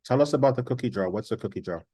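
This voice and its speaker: Fast-talking male interviewer. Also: mid-range voice, animated, mellow, husky, dry recording. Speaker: interviewer host. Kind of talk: casual interview questions.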